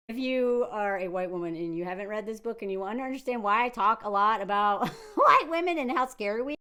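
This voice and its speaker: A woman from Nashville, giving casual, animated commentary to camera, laughing often and restarting her sentences. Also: medium pitch, normal speed, clean tone. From Nashville, Tennessee, US. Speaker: video commentator.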